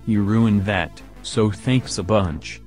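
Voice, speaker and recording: A man plays a prim rival buyer in a comedy sketch, whining and complaining in a fairly low voice. Faint music plays underneath. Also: slow, darkish tone.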